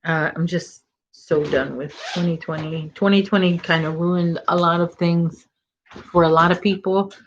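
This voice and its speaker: A woman's voice: lowish voice, fairly even intonation, moderate pace, dull audio, slight background noise. A middle-aged woman hosting a casual crochet live stream, chatting and rambling as she reads viewer comments. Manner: chatty, rambling, self-correcting. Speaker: crochet channel host.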